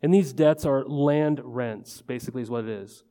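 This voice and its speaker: A man's voice: medium pitch, moderate pace, dark tone. A male pastor preaching a conversational sermon, often tossing rhetorical questions and "right?" to the congregation. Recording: long reverb of a large hall.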